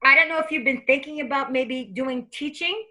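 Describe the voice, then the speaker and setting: A woman giving a psychic reading in a lively, laughing conversation. She often slips into quoting the spirit she says is talking to her. Her voice sits high and rings very bright. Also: brisk, poor audio. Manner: chatty and laughing, acts out the spirit's lines. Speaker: psychic medium.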